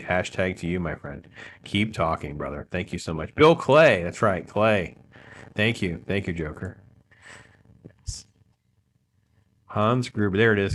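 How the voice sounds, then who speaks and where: A man's voice: on the low side, fairly bright tone. A man hosting a casual livestream film discussion, enthusiastic and thanking viewers. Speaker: host of a film talk stream.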